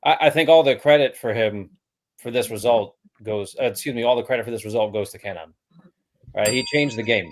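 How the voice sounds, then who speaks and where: A man's voice: medium pitch, a little fast. A man talks through a match analytically on a casual football podcast. He keeps checking in with his co-hosts as he makes his points. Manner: analytical, often asks "right?". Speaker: podcast co-host.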